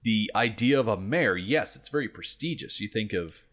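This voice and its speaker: A man on a podcast laying out his reasoning in a measured, explanatory way. His voice sits a little low, and he keeps an even pace through the point. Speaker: podcast co-host. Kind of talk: casual chat.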